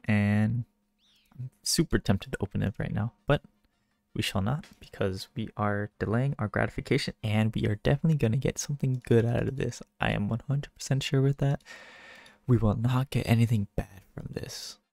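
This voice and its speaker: Gravelly-voiced man narrating his gameplay. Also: fairly low pitch, normal speed, no echo. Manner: chatty, self-mocking, jumps to excited outbursts. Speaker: gaming video creator. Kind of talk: casual game commentary.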